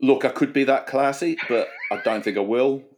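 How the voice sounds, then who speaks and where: A man's voice: mid-range voice, moderate pace, a little hiss or hum. A man from Australia co-hosting a comedy podcast, dry and self-mocking, easygoing. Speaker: podcast co-host and author. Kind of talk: casual comedy chat.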